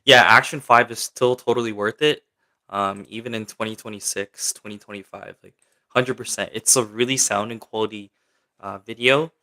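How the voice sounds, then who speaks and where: This young man is running a laid-back livestream, reading viewer comments aloud and responding in a chatty, filler-heavy ramble. His voice sits on the low side, steady in tone, at a normal speed, pushed and bright.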